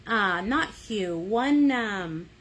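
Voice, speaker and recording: A woman's voice: mid-range voice, expressive, extremely slow, fairly bright tone, slight background noise. A woman leading a livestream painting lesson, chatty and playful, cheering viewers on and humming little sound effects as she works. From United States. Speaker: painting instructor. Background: fan running.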